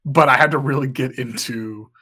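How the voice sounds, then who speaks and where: A man's voice: medium pitch, normal speed, pushed and bright, husky. A man doing an earnest, self-important impression of a method actor.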